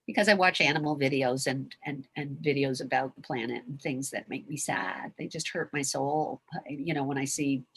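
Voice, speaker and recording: A woman's voice: low voice, a bit bright, husky, dry recording. A woman speaking as a convention guest, heartfelt and gushing, often laughing as she talks. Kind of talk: emotional Q&A talk.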